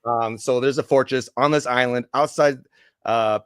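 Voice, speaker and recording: A man co-hosting a casual history podcast, setting up the story and prompting with relaxed, playful questions. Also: medium pitch, moderate pace, clear, resonant tone, no echo, studio quality. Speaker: podcast co-host asking questions.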